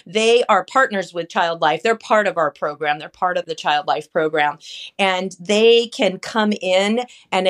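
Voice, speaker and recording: A woman speaking as a child life specialist, upbeat and explaining with examples in an interview. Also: on the low side. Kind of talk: interview answers.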